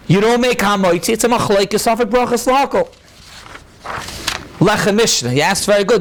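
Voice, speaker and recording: A rabbi lecturing a room of listeners, his voice sitting high for a man. He moves briskly through the sources, answers questions as they come, and drops Hebrew and Yiddish terms into his English. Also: slight background noise. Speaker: rabbi teaching a class. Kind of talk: halachic lecture to a live audience.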